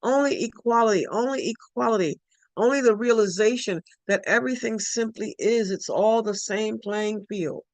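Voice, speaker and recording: A woman's voice: fairly high pitch, normal speed, a little mellow, dry recording. A woman giving a spiritual talk, emphatic and repetitive, often restarting her sentences. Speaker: spiritual speaker.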